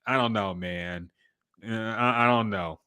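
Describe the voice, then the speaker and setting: A man's voice: lowish voice, measured pace, sharp tone, clear, resonant tone. A man co-hosting a podcast in casual sports chat, blunt and profane, reading out viewer comments. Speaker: podcast co-host.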